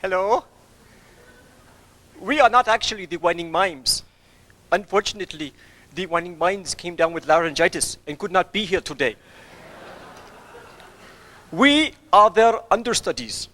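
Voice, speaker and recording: A man's voice: sits high, lively intonation, normal speed, long pauses, pushed and bright. A man in a comedy act, speaking in an earnest, mock-formal way on a festival stage. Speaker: street performer.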